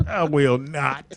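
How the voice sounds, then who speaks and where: A man's voice: fairly high pitch, no room sound. A man co-hosting a talk show, teasing the guests with playful jokes and bits of mock singing. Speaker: co-host. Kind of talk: loud joking banter.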